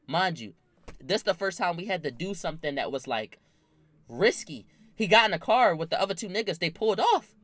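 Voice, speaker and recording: A young man casually telling a wild story from his own life, animated and full of slang and swearing. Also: sits high, fairly quick, dry recording. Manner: animated, slangy, swears a lot, bursts into loud laughing shouts.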